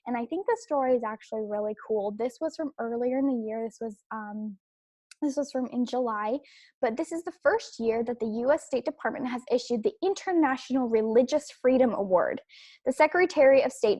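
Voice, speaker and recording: A young adult woman hosts an opinion podcast, delivering a monologue in a slightly high, darkish voice. She hammers her points emphatically through repetition and stumbling, filler-laden restarts. The sound is close and dry, with no echo.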